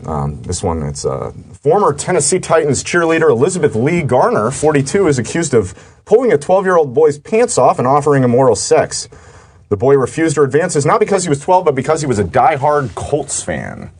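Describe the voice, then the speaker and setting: Give me a husky-voiced man reading jokes reluctantly, with lively up-and-down intonation. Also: a little high, a little fast. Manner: reluctant, hesitant, many uhs. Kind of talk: casual comedy podcast banter.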